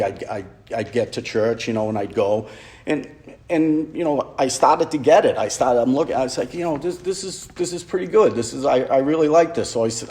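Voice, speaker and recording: A middle-aged man, a police officer telling his faith story to a retreat group, halting and heartfelt with many stammered restarts. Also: mid-range voice, darkish tone. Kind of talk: personal testimony to a men's retreat.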